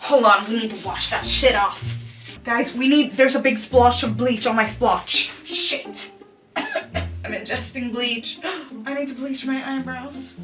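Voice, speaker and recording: A woman's voice: on the high side, unhurried. A young woman vlogging casually at home late at night, swearing constantly in a frustrated, self-mocking way. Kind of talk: casual talk to camera. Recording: distant mic with music behind.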